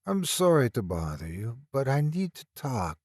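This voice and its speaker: A man's voice: medium pitch, sing-song, normal speed, a little mellow, no room sound, studio quality. A man voicing a frightened, insistent young woman with a German accent in an audiobook. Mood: anxious. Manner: agitated, urgent.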